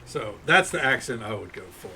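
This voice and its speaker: Man streaming, casual gaming chatter, rambling, cursing, gravelly, bright voice, faint noise behind. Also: mid-range voice, animated, normal speed. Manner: rambling, frequent cursing and restarts.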